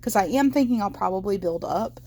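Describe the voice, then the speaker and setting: Casual young female crochet vlogger, mid-pitched, chatty and filler-heavy, light background hiss. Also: animated, brisk, mellow. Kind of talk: casual how-to chat while crocheting.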